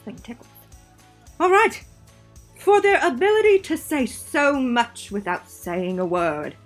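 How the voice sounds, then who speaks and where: A woman theater teacher presenting awards in a playful, theatrical, jokey way, often interrupting herself. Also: mid-range voice.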